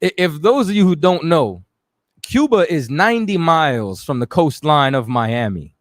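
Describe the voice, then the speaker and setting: A chatty man from New York hosts a talk radio show in a loose, rambling way. His voice sits a little high for a man, and it sounds close and dry with no room around it. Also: very animated, moderate pace, no room sound. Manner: loose, chatty, keeps saying "you know what I'm saying".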